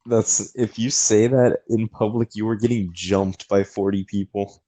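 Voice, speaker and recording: A young man co-hosting a podcast, chatting with friends in a deadpan, goofy way. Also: lowish voice, measured pace, no echo. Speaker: podcast co-host. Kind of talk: casual chat among friends.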